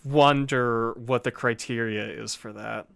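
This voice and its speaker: A man's voice: mid-range voice, steady tone, unhurried, creaky, a bit bright, clear, resonant tone, no echo. A man co-hosting a casual film-review podcast, making wry, jokey asides. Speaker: podcast co-host.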